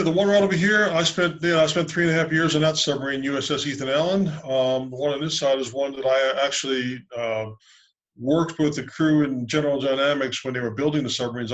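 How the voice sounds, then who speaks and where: A man's voice: medium pitch, low-quality recording. An older man recounts his navy days in a loose, rambling way, full of ums and restarts. He sounds easygoing and amused, talking over a video call. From United States. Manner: rambling, good-humored anecdotes with many fillers. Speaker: submarine veteran and loan officer. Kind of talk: casual storytelling interview.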